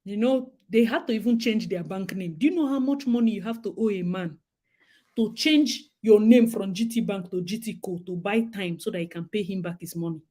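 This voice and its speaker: A young Nigerian-accented woman talks straight to her audience in a loose, chatty monologue. She speaks animatedly and slips easily into Pidgin phrases. Her voice sits at an ordinary middle pitch for a woman. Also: brisk, mellow. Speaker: host. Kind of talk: casual monologue.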